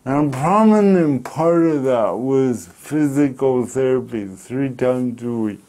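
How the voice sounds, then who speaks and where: A middle-aged man from Canada, telling a personal story in an interview, speaking slowly and deliberately with pauses. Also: medium pitch, lively intonation, darkish tone. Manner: slow, deliberate speech with pauses and restarts. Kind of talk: reflective storytelling.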